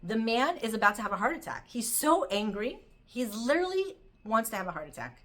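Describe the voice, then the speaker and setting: A woman teaching a Torah class, telling stories in an animated way and mixing in Hebrew terms. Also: fairly high pitch, fairly quick.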